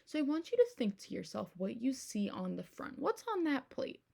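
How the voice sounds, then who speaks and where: A woman's voice: sits high, normal speed, vocal fry. A young adult woman teacher reading a picture book aloud to her class, asking the children questions as she goes. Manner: animated storytime delivery with questions to children.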